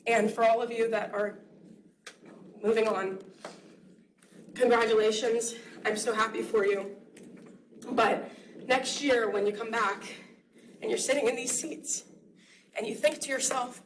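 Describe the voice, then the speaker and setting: A woman's voice: on the high side, steady tone, measured pace, pauses often. Tearful young woman giving a farewell speech. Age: young adult. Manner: tearful, laughing, heartfelt. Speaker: student government vice president. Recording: noisy room recording.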